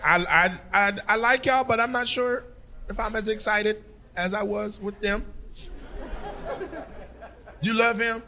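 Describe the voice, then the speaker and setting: A man's voice: sits high, steady tone, a little slow, pauses often, bright, forceful tone. A middle-aged man, a stand-up comedian doing crowd work on stage, brash, teasing and profane with the audience. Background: audience laughter.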